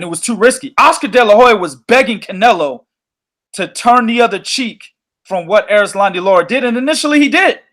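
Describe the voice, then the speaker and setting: A man hosting a boxing podcast, telling stories in an animated, profane way. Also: high-pitched. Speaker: podcast host. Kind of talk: casual boxing podcast chat.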